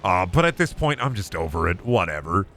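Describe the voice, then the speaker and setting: Man, streamer, casual game commentary, animated pitch, bright tone, upward inflection. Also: a little fast, a little hiss or hum. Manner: chatty, rambling, swears freely.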